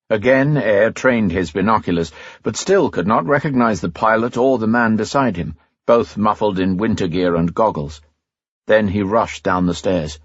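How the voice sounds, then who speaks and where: Low husky guy reading an audiobook, dry muffled sound. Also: no room sound. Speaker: audiobook narrator. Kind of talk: scripted narration.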